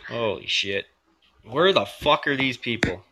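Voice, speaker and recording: A man's voice: medium pitch, animated, unhurried, bright, forceful tone. A man co-hosting a podcast, bantering casually with crude, profane jokes. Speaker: podcast co-host. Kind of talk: casual chat.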